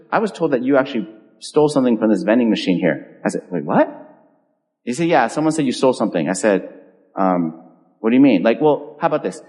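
A man preaching a sermon, telling a story and acting out the people in it. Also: medium pitch. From California. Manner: animated storyteller acting out voices. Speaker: pastor. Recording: long hall reverb.

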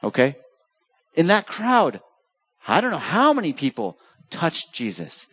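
Animated man preaching a sermon. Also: measured pace, pauses often, slightly rough. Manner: animated, swinging between urgent highs and soft low asides. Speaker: pastor.

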